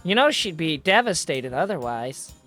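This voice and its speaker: A man's voice: fairly high pitch, big pitch swings, normal speed, sharp tone, soft background music. A man voicing a bossy, teasing young woman training partner on a voicemail.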